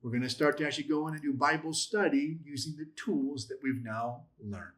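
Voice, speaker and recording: A man's voice: on the high side, fairly quick, fairly bright tone. A man teaching a Bible class in a methodical way, listing terms, repeating points and asking rhetorical questions.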